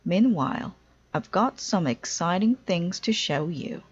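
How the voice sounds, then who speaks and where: A woman voicing a gentle, patient mother bear in a read-aloud storybook, speaking in a calm, unhurried way. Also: on the low side, breathy edge, muffled recording.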